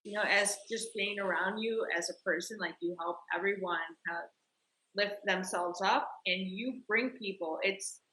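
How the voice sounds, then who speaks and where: A woman's voice: medium pitch, normal speed, rough recording. A woman hosting an interview, speaking earnestly and reflectively to her guest. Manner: earnest, warm-worded, reflective. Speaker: interview host. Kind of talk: conversational interview.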